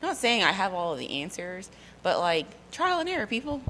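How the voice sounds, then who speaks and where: A woman in her thirties with a New York accent, co-hosting a casual chat and telling blunt, animated stories. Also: medium pitch, brisk, slight background noise, rough recording. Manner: blunt, animated storyteller acting out quotes. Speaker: podcast co-host.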